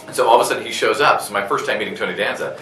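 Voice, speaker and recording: A male voice actor, a guest at a convention interview, telling a story in a lively way, full of fillers, restarts and laughter. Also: on the low side, racing, reverberant, recorded from a distance, poor audio. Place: convention room.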